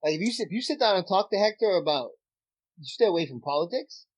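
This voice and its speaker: A man co-hosting a casual podcast chat, telling animated stories full of swearing and breaking down fighters. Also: high voice, fast talker. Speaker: fill-in co-host, former fighter.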